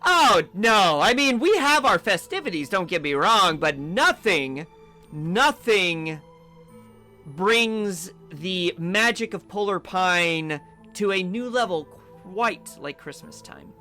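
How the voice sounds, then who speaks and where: A man playing a chirpy elf snack vendor, festive and folksy, bright lively high voice, faint music. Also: slow, full character voice. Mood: jolly, welcoming. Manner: chatty, folksy, calls people dearie. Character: cheerful festive elven snack-cart man.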